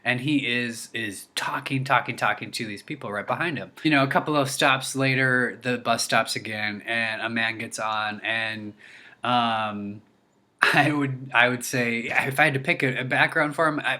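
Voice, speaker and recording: Young man, casual story vlog, bright voice, animated, lots of restarts. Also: moderate pace. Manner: animated storyteller, many restarts, jumps high when quoting himself. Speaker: vlogger.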